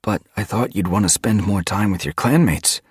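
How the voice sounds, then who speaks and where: A man's voice: moderate pace, slightly rough, no room sound, clean studio sound. A man voicing an anxious young male warrior cat in a storybook reading, asking urgent questions in a raised voice. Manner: urgent, higher-pitched questions.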